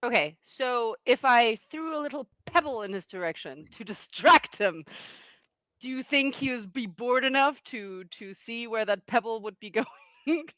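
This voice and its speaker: A woman's voice: fairly high pitch, expressive, unhurried, fairly bright tone, dry recording. A woman playing in a tabletop game, chatty and giggly. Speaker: player.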